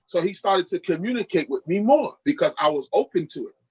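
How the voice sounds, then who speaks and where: A middle-aged pastor from Queens tells his testimony in a husky, slightly raised voice. He brings each scene to life by acting out what people said to him. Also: sits high, brisk, poor audio. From Queens, New York. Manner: lively storyteller who acts out quoted dialogue. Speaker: pastor, podcast guest. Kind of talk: personal testimony storytelling.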